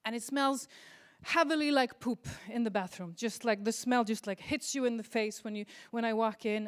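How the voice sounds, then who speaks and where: Icelandic woman comic in her forties, higher-pitched, deadpan delivery, stage microphone. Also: normal speed, hardly any pauses. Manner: deadpan storytelling with exaggerated quoted voices. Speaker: stand-up comedian. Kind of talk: stand-up routine. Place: convention stage before an audience.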